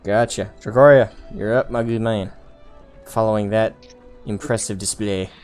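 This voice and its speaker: A man's voice: on the low side, fairly even intonation, moderate pace, a little mellow, soft background music. A man narrating as game master of a tabletop game, describing the action loosely and filling gaps with "like" and "kind of".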